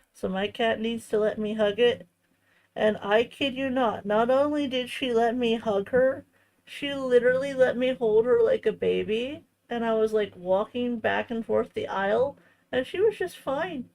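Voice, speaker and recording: A woman hosting a crafting channel, chatting casually in a tender, reflective way, often halting and restarting her sentences. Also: on the high side, creaky, darkish tone, poor audio. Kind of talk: casual chat while crafting.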